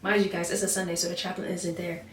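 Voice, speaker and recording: A woman's voice: on the low side, little pitch movement, fast, far from the mic, a little hiss or hum. A young woman telling a story in a chatty vlog, often saying "like", recorded in a roomy space away from the mic. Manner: chatty, many filler "like"s. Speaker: vlogger.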